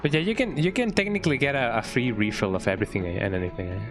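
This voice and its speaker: A man's voice: medium pitch, rapid-fire. A man streaming a video game, chatting casually and rambling, often ending phrases with a questioning "eh?". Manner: relaxed, rambling, tags phrases with "eh?". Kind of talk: casual gameplay commentary. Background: game music.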